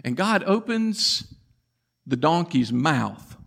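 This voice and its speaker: A man preaching a sermon, telling the story dramatically and swinging from loud to hushed. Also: a little high, very animated, slow, gravelly, husky. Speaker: pastor.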